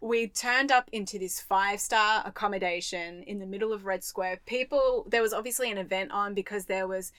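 An Australian woman co-hosting a podcast, telling a travel story in lively detail and acting out the voices she quotes. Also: mid-range voice, a little fast, hardly any pauses, dry recording. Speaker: podcast co-host. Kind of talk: casual chat, storytelling.

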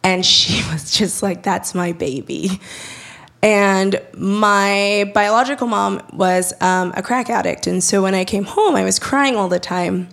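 Young woman telling a story about her life, gravelly mid-pitched voice, laughs a lot, does the voices. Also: a little slow. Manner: chatty, laughing, quotes herself in animated voices. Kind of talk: personal storytelling.

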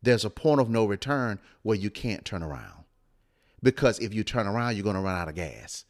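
A man co-hosting a late-night motivational live stream, with a smooth radio-style voice and a preacherly way of repeating phrases for emphasis. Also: lowish voice, animated, a little fast.

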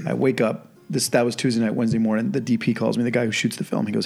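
Man, podcast host, film director, rapid casual storytelling, acts out quoted dialogue. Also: mid-range voice, vocal fry, faint music behind. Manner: animated anecdotes with quoted dialogue.

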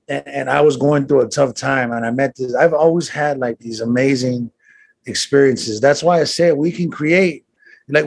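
Man, husky voice, fairly high pitch, earnest storytelling, street slang, casual conversation. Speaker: guest.

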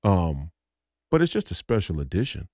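Male podcast co-host, low and lively, swears and restarts, dry close sound. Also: normal speed, dry recording. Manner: heated, rambling, profane, many restarts. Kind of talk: casual political chat.

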